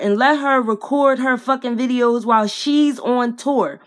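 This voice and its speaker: A woman's voice: fairly high pitch, unhurried, few pauses. A woman vlogger giving a blunt, profane, heated commentary to camera, speaking straight to the person she criticizes and to her viewers in slangy casual talk. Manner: addresses viewers directly, slangy.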